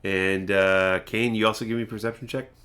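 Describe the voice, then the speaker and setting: A man's voice: on the low side, steady tone, fairly quick, fairly bright tone. A man running a tabletop game as game master, hesitant with many fillers and frequent laughs.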